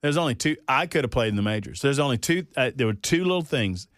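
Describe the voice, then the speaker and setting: A man hosting a talk radio show, folksy and jokey, his voice jumping up in loud disbelief. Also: medium pitch, animated, quick pace, no room sound, clean studio sound. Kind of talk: casual studio banter. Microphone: studio microphone.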